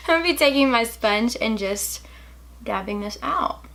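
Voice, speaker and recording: A woman's voice: on the high side, lively intonation, a little slow, creaky, fairly bright tone, slight background noise. A young woman reviewing makeup in a chatty, gushing way, hiccuping as she talks. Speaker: beauty vlogger. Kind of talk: casual product review.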